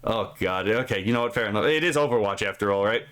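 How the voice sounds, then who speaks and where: A man with a lowish, clear, resonant voice and a fairly bright tone talks fast on a casual stream. He reads posts out loud and tears into them with sarcastic, profane comments, often adding "right?". It's live stream commentary.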